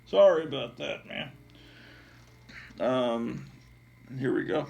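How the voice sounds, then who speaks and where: A channel host who collects comics speaks slowly in a medium-pitched, expressive, creaky voice that's a little mellow. Slight background noise accompanies his offhand, rambling tour of the collection, which is thick with fillers.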